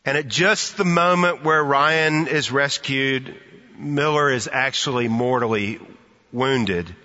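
A man preaching a sermon, telling stories and slowing to a soft, quiet delivery to drive points home. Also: mid-range voice. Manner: storytelling, slows and softens for emphasis. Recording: muffled sound in a long-reverb hall.

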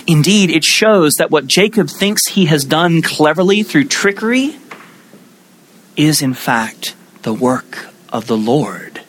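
A man's voice: fairly high pitch, a bit bright, poor audio. A male preacher teaching a Bible passage as a sermon, telling the story conversationally with humorous asides.

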